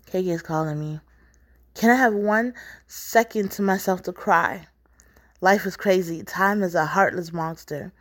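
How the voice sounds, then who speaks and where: A woman's voice: mid-range voice, a little mellow. A woman, the author, reading her own book aloud in an intense, poetic, rhythmic spoken-word style.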